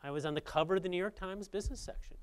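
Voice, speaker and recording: A man in his fifties from Saint Paul, telling a personal story in a talk to an audience, conversational and swinging between emphatic and quiet. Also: high-pitched, very fast, clear, resonant tone. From Saint Paul, Minnesota, US. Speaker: speaker at a journalism institute.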